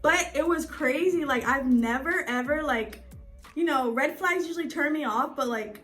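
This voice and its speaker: A woman's voice: high voice, moderate pace, fairly bright tone, soft background music. A woman in her twenties, chatty and giggly, telling the story of how she met her partner, full of likes and you knows. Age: 20s. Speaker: co-host telling a couple's story. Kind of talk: casual chat. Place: indoors at home in front of a screen.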